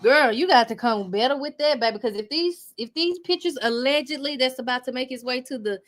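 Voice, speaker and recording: A woman hosting a live reaction commentary from her home, laughing loudly and talking straight to her viewers. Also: high-pitched, fairly quick. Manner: loud laughing, animated, talks to viewers. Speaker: commentary host.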